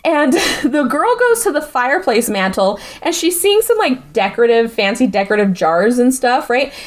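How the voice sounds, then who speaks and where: A woman with a high, very animated voice recaps a movie for a podcast. Her pitch leaps around as she tells the story, and she is sarcastic and freely profane in a casual chat. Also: moderate pace. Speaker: podcast host.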